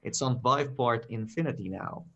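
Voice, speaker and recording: A man's voice: mid-range voice, moderate pace, bright, forceful tone, muffled recording. A man with a Dutch accent chats on a podcast and reads out names from the chat. He talks in a hesitant, casual way, full of fillers and restarts. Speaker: podcast co-host. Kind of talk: casual chat, reading out chat messages.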